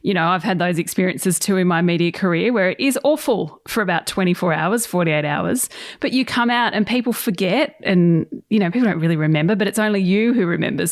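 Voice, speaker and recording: A woman interviewing a guest in a casual chat, affirming her and asking quick follow-up questions. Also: on the low side.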